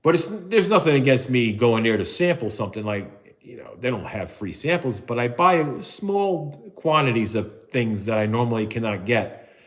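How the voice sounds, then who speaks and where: A man's voice: medium pitch, normal speed. Rambling New man live-streaming. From New Jersey. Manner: rambling, self-mocking, jumps into excited put-on voices. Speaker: vlogger doing a live stream. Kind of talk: casual live-stream chat.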